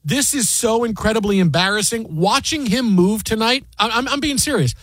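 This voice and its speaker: Man, sports radio host, husky, high voice, dry close sound, exasperated banter. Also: moderate pace, a bit bright, no room sound. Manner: exasperated, mocking, acts out quoted voices.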